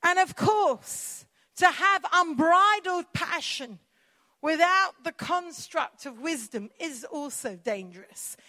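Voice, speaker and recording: A woman preaches with fervent, insistent emphasis. Her voice sits high, and she drives her points home by repeating them. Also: lively intonation, slow, sharp tone. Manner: passionate, emphatic preaching with repetition. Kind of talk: sermon.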